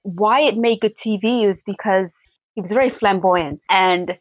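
A young adult woman pastry chef answering interview questions in an animated, chatty way, laughing often. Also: mid-range voice, moderate pace, dry recording. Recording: tinny phone-like line.

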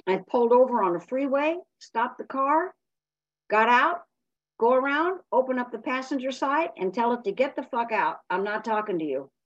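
A woman's voice: high-pitched, animated, moderate pace, no room sound, lo-fi sound. A woman giving a blunt, emphatic personal share as a speaker at a recovery meeting.

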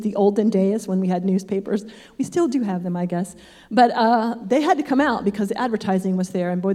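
A woman's voice: mid-range voice, dark tone. An older woman giving a casual Bible teaching, chatty and full of personal asides.

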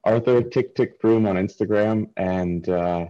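A relaxed man speaking over a video call from a beach house. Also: fairly low pitch, measured pace, no echo. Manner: relaxed, laid-back. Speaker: panel guest. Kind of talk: casual live stream chat. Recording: muffled, dry call audio.

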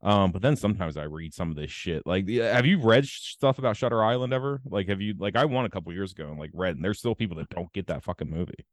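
A man's voice: sits low, quick pace, few pauses, dry recording, clean studio sound. A man hosting a podcast in casual chat, rambling and profane with many fillers. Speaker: podcast host.

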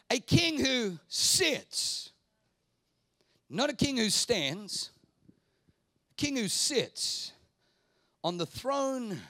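A man's voice: sits high, sharp tone, dry recording. A man preaching a sermon with emphatic, repetitive phrasing, rhetorical questions and calls for the congregation to respond. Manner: calls the audience to respond aloud. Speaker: pastor.

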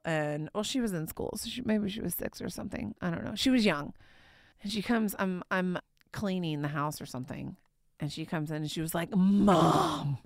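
A woman preacher telling a personal story in a sermon, candid and conversational, sometimes dropping to a hushed tone. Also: medium pitch, no room sound, clean studio sound.

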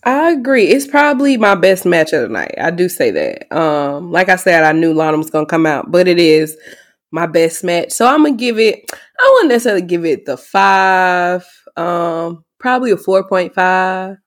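Woman co-host, super animated pitch, giggly storyteller, casual chat. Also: normal speed. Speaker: podcast co-host.

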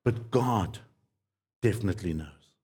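A man's voice: on the low side, animated, unhurried, a little mellow, slightly rough. Earnest man preaching a sermon. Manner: earnest, pleading, repeats key phrases. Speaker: pastor.

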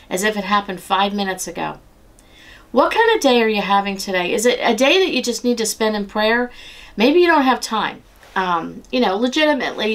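A middle-aged woman giving a personal devotional talk, earnest and conversational, slowing down and softening when she repeats scripture. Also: on the high side. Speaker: devotional speaker.

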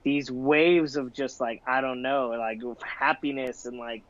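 A man's voice: medium pitch, measured pace, no echo. Laughing, profane young man with a dull lo-fi sound. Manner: profane, laughing, animated storyteller with filler "like". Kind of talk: casual podcast chat.

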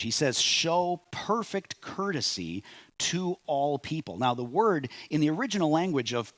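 A pastor preaching a sermon in a measured way, rising on key phrases and dropping soft at line ends. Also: male voice, mid-range voice, no room sound.

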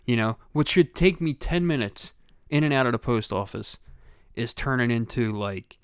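A man's voice: medium pitch, lively intonation, moderate pace, smooth, no room sound. Profane storytelling man, dry close mic. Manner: profane storytelling, acts out other people's lines. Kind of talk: casual chat.

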